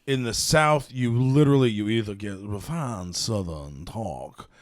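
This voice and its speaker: A man's voice: lowish voice, unhurried. Chatty man rambling in a podcast. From American South. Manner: rambling, animated storytelling with laughs. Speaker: podcast co-host. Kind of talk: casual chat.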